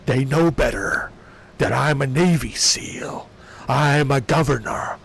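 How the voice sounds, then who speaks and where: A man doing a comedic impression of a boastful older tough-guy ex-wrestler politician, in a slow, gravelly drawl. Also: fairly high pitch, a bit bright, heavily acted. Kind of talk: comedic impression while gaming.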